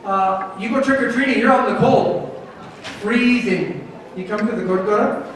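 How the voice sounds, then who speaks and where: A man with a high voice coaxes a room of children, teasing them with questions in a playful teacher's manner. His voice rings through a big echoing temple hall, picked up from far off. A faint hum sits behind it. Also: moderate pace, fairly bright tone. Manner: coaxing, playful, asks the kids questions. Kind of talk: lively talk to children at a temple program.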